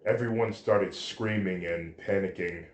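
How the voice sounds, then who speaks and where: Low-voiced man reading a fan story. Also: a little hiss or hum. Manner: halting, with restarts. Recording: roomy echo.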